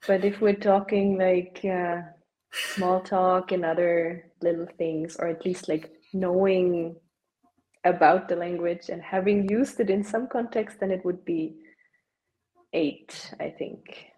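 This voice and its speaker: A woman's voice: fairly low pitch, fairly even intonation, slow pace, mellow, low-quality recording. A young woman, chatting casually as a podcast guest and dropping "like" often. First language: German. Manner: chatty, peppers speech with "like". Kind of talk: casual chat.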